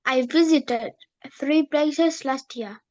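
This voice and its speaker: A woman's voice: high voice, slow, a little mellow, highs cut off. A woman studying English, answering drill questions in careful full sentences. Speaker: English student.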